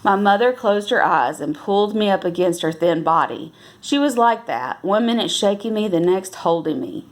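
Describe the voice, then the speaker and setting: A woman reading a novel aloud at an unhurried pace, now and then correcting herself and lifting her voice for the characters' lines. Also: mid-range voice, animated. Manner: unhurried, with self-corrections and restarts. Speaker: reader.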